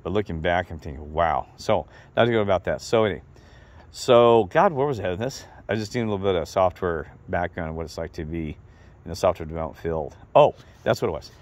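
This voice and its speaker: A middle-aged man telling a rambling, animated story in a casual monologue to his viewers. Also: low-pitched, fast. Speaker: vlogger.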